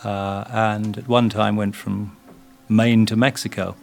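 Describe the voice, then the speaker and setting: A man's voice: on the low side, little pitch movement, a little slow, gravelly, faint music behind. Older Englishman, interview guest, digressive and self-mocking. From England. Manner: rambling, self-deprecating, many fillers. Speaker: guest, writer. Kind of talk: interview with reading.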